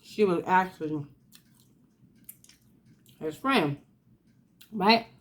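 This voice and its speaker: A New York woman hosts her channel, telling a casual story while she eats. Her voice is lowish and animated, and she speaks slowly, drawing the tale out with plenty of asides.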